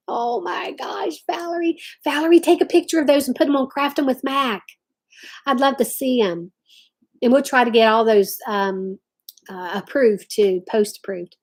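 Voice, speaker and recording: A woman hosting a casual craft livestream from home, chatting and reading viewer comments aloud. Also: medium pitch. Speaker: livestream host.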